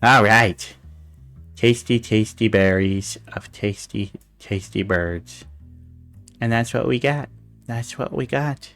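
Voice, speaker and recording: A man's voice: fairly low pitch, slow pace, a bit bright, soft background music. A man hosting a casual livestream chat show, rambling with fillers and restarts and cooing with delight over pictures. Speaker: talk show host.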